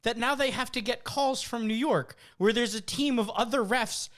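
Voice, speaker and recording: A man's voice: very high voice, moderate pace, fairly bright tone. A young man in casual podcast chat, ranting emphatically and swearing freely. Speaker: podcast co-host.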